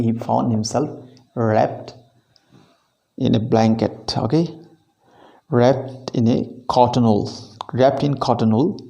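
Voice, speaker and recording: A man's voice: mid-range voice, creaky, warm tone, low-quality recording. A man teaching a literature lesson, explaining a story line by line and repeating himself with frequent "okay"s. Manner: repetitive, fills with frequent "okay". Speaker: English teacher.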